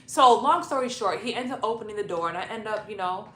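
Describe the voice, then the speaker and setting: A woman's voice: medium pitch, quick pace. Chatty young woman telling a story. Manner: animated, chatty, profane, laughing storytelling. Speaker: YouTube storyteller. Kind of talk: casual storytime vlog. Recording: roomy echo, faint noise.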